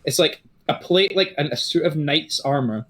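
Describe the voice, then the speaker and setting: A man's voice: fairly high pitch, normal speed, a bit bright. Rambling male game master. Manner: rambling, many fillers and restarts. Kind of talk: narrating a tabletop game.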